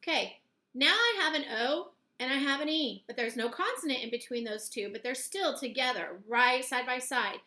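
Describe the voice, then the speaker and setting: A woman teaching a phonics lesson to young children, speaking slowly and clearly and sounding out words in parts. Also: high-pitched, lively intonation, pushed and bright. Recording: echoey room.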